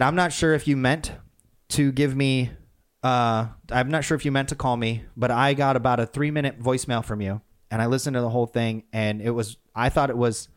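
A man casually telling a personal story about leadership, with frequent restarts and acted-out quotes. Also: mid-range voice. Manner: conversational, animated retelling with many restarts.

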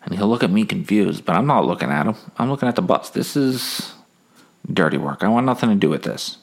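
A man hosts his own podcast and tells comic tales in a rambling way, full of fillers. His voice sits low and has a gravelly fry to it. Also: lively intonation, a little fast. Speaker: podcast host. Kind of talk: comedic storytelling monologue.

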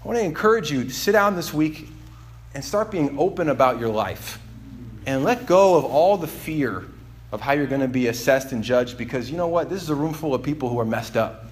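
A man preaching in a loose, conversational way, his voice sitting a bit high for a man. He talks candidly about himself, circling back with fillers and restarts. A faint hum of the room runs underneath. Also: lively intonation, a little fast. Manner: candid, self-deprecating, rambling with many fillers. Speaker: pastor. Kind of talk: conversational sermon.

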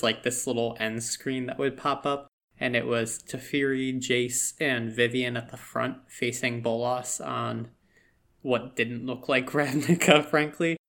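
A man's voice: medium pitch, vocal fry, a bit bright. A man co-hosting a podcast, chatty and rambling with frequent fillers in a casual fan discussion. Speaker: podcast co-host.

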